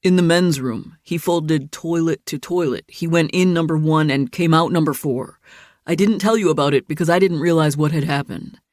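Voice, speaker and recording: A woman's voice: low-pitched, normal speed, a little mellow, dry recording, clean studio sound, natural voice. A woman narrator voicing a big, easygoing young man who jokes and reassures. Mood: excited. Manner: joking, reassuring.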